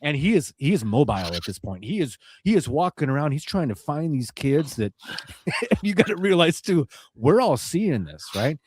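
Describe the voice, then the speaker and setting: A man's voice: a little high, very animated, moderate pace, a little mellow, a little hiss or hum. A man hosting a podcast, telling a long funny story in a casual way, laughing often and swearing freely. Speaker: podcast host.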